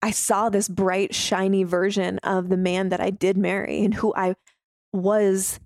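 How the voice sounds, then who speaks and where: Woman with a gravelly edge, heartfelt. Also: medium pitch, level tone, unhurried, darkish tone, no room sound. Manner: heartfelt, open, with fillers like "like" and "you know". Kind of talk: candid personal storytelling.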